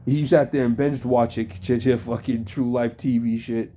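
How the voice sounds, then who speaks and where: A man reacting to a debate video in casual commentary, his voice dark and mellow. He swears constantly and mocks the speakers, sounding incredulous. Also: mid-range voice, steady tone, normal speed. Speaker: stream reactor.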